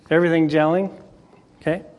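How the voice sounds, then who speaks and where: A man teaching a Bible class in a conversational way, clearing his throat often as he starts to lose his voice. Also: a little high, darkish tone. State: losing his voice.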